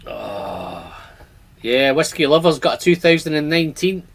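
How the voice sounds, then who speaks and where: A man's voice: fairly high pitch, big pitch swings, measured pace, creaky. A man hosting a casual whisky livestream, chatting and reading out viewer comments. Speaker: whisky channel host.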